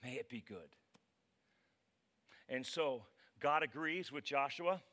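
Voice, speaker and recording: A man preaching a casual, conversational sermon as pastor, dramatic and animated. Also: mid-range voice, slow pace.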